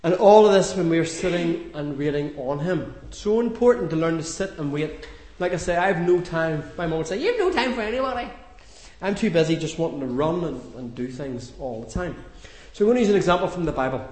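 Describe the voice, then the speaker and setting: A man's voice: a little high, brisk, darkish tone, reverberant. A man giving a sermon in a chatty, homely storytelling manner with light humour. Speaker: preacher.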